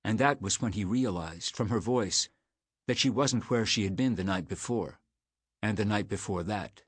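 A man narrating an audiobook in a measured, unhurried way. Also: fairly low pitch, breathy edge, dry recording.

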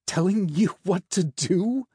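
A man's voice: a little high, animated, normal speed, dark tone, slightly rough, no room sound, studio quality. A man reading a story and voicing a stern, commanding male angel who scolds and hisses. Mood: mocking. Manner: hissing, scolding. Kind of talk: audiobook character voice.

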